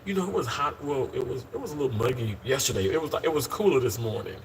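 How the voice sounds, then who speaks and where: A hospital surgical worker in his thirties chats on a casual live stream, his medium-pitched voice animated and fast. Upbeat and talkative, he calls the audience y'all and often begins sentences again. There's a little hiss or hum.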